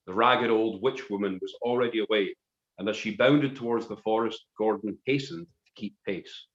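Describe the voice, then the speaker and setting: A man's voice: lowish voice, normal speed. Man narrating a mock-dramatic tale. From Scotland. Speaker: musician reading a story on a live stream. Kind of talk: comic storytelling. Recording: roomy, dull live stream audio.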